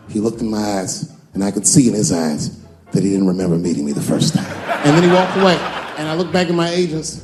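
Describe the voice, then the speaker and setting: A man telling stand-up stories, animated and switching into shrill voices for the characters he quotes. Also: fast, faint music behind. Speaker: stand-up comedian. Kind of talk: stand-up storytelling.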